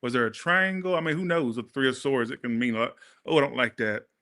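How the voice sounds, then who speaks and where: Bright, sassy man reading tarot. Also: medium pitch, a little fast. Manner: animated, sassy, blunt, talks to viewers directly. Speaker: tarot reader. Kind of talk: casual livestream tarot reading.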